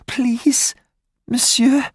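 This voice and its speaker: A man's voice: extremely high pitch, level tone, very slow, husky, dry recording, in a whisper, studio quality, pitched above the performer's own voice, heavily acted. A man voicing a dying young mother who pleads weakly between coughs. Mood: frail pleading. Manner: breathless pleading, broken by coughs. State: weak and dying.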